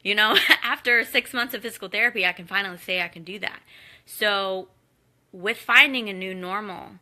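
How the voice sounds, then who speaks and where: A woman's voice: mid-range voice, normal speed, sharp tone. A woman in her thirties speaking candidly and earnestly to an online community, encouraging and conversational, with occasional fillers. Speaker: guest speaker in a live Q&A. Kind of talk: candid personal talk to a community.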